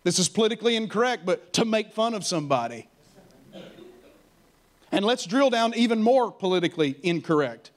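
A male pastor preaching with a high, light voice. He leads the congregation in call-and-response and is animated throughout. He breaks into playful mocking stammers to drive home a point. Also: fairly quick, pauses often. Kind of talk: sermon.

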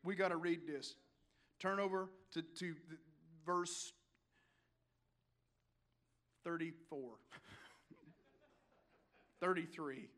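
A pastor gives a dramatic sermon in church, his slightly high voice moving slowly with long pauses. He shifts from quiet scripture reading to shouted calls.

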